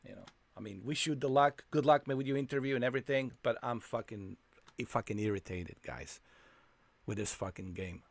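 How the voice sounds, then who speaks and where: A man's voice: medium pitch, fairly quick, gravelly. A man live-streaming a flight game, fuming and ranting with constant swearing at the game.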